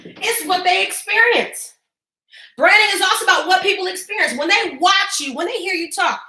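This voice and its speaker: A high-voiced woman coach drives her points home emphatically, repeating herself for effect. Her tone is bright and sharp, and it bounces around an echoey room. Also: moderate pace. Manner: emphatic, repetitive, laughing asides. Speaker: business coach. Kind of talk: live-stream coaching talk.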